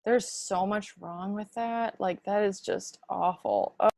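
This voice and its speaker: A woman's voice: medium pitch, fairly even intonation, measured pace, vocal fry, a little mellow, dry recording, studio quality. A woman co-hosting a podcast who reacts emphatically and speaks her mind in casual chat. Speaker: podcast co-host.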